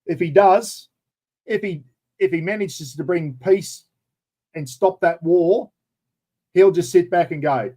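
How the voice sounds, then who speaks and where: A man's voice: sits high, slow, long pauses, mellow, low-quality recording. An Australian man hosting a casual live chat, rambling and chatty, calling everyone mate. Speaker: livestream host.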